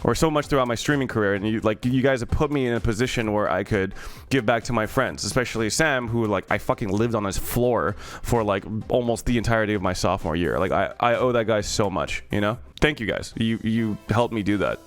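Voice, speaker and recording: A man's voice: fairly low pitch, a little fast. A young man, a streamer, casually telling a story to his viewers, swearing freely and breaking into laughs and yelps. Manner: animated, profane, laughs and yelps in excitement.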